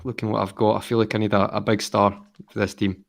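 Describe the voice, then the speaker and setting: A man plays a football quiz on a casual podcast, sighing and hesitating as he thinks aloud. His fairly low voice has a gravelly rasp. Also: flat delivery, fast. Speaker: quiz contestant.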